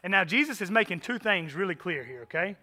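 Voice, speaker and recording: A man preaching a sermon as pastor, animated, swinging from loud emphasis to hushed asides. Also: high-pitched, quick pace.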